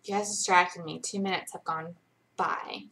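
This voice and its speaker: A woman's voice: lowish voice, steady tone, normal speed, creaky, bright, forceful tone, slight background noise. A young woman hosting a casual late-night live Q&A from home, chatty and rambling, often poking fun at herself. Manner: chatty, rambling, self-deprecating. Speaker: livestream host.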